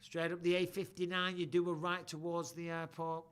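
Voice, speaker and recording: Brief: middle-aged man hosting a live chat, bright and slightly high voice, sweary and lively. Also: normal speed, smooth. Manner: lively, sweary, blokey banter. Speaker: host. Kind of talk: live chat shout-outs.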